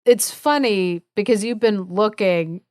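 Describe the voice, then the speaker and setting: A smug, cocky male whale from a fairy tale, grinning as he teases, put on by a woman who retells the tale, in a voice pushed well above her own and a bit louder. The sound is close and dry. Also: mid-range voice, unhurried, clear, resonant tone, no room sound, pitched above the performer's own voice, close to an everyday voice. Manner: smug, teasing.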